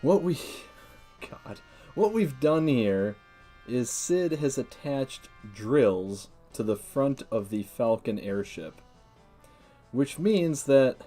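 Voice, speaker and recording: Here a streamer's medium-pitched, dark voice moves slowly but expressively as he gives casual gameplay commentary. Chatty and rambling, he keeps laughing and saying "like," with faint game music behind him.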